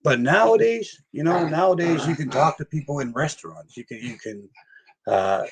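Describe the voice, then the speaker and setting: With a fairly high pitch that swings widely, this older man talks a bit fast, his voice carrying vocal fry and a breathy edge. As a paranormal investigator in a casual storytelling interview, he rambles, laughs often, and acts out characters' voices.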